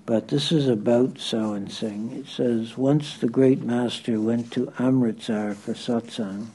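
A man reading a devotional story aloud in a measured, steady way. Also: medium pitch, slightly rough. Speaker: reader.

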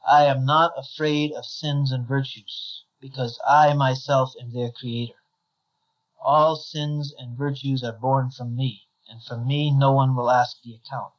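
A man voicing a proud, ruthless male god of law in a plain, measured reading on a slightly dull recording. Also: mid-range voice, little pitch movement, lightly acted. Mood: commanding.

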